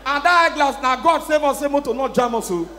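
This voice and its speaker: A male stand-up comedian with a Nigerian accent works a live crowd, slipping into pidgin English and shouting his punchlines. His voice sits very high. The sound rings with the long reverb of a big hall. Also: expressive, fairly quick, a little hiss or hum. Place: live show venue with audience.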